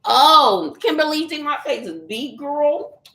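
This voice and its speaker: Middle-aged woman, vlog host, lively sing-song chatter, roomy echo. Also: high-pitched, a little slow. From Texas. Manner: chatty, laughs often, calls viewers honey and child. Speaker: channel host doing a live chat. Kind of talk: casual livestream chat. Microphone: phone or computer.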